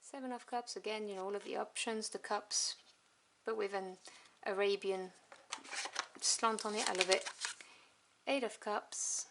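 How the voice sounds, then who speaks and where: A woman of ordinary pitch talks through a tarot deck, chatty and enthusiastic. She drops into soft asides now and then. The home recording has audible noise and card clicks. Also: steady tone, unhurried, pauses often. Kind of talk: casual deck review. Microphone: camera on tripod.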